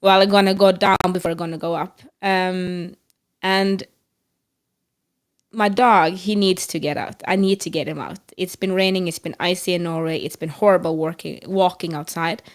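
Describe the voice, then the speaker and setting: A middle-aged woman, co-hosting a podcast and telling an animated story with restarts and laughter. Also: on the low side, normal speed. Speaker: podcast co-host. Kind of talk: casual chat.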